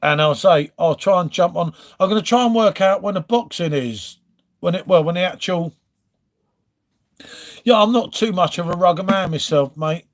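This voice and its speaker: A man's voice: sits high, normal speed. A man from England hosting a casual live stream from home, rambling and chatting to viewers as he reads out their comments. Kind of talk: casual chat.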